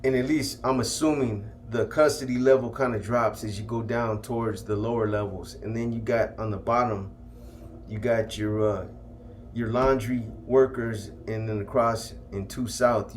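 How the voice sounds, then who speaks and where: A man's voice: on the low side, normal speed, a little mellow, slight background noise. Laid-back man telling stories. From California. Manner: laid-back street slang, trailing off with "man". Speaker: storyteller recounting his past. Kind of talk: casual first-person storytelling.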